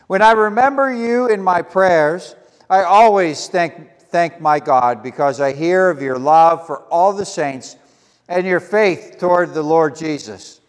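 A man's voice: a little high, measured pace, big-room sound. A man preaching a sermon as pastor, with a stutter and self-deprecating asides, praying and reading scripture aloud in a church. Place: church sanctuary.

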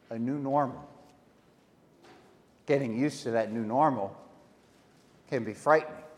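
A man preaching a sermon as pastor, telling a story and often repeating words as he starts a phrase. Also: on the low side. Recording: echoey hall reverb.

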